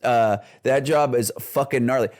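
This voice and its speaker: A man's voice: mid-range voice, moderate pace, darkish tone. A man co-hosts a casual comedy podcast and rambles through a story. He swears freely, restarts his sentences and laughs often. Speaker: podcast co-host.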